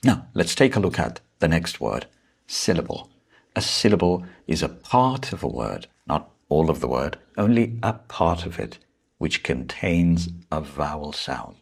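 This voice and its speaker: Slow, husky-voiced man teaching English. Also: a bass voice, big pitch swings. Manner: slow, patient explaining with stressed key words. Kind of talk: vocabulary lesson.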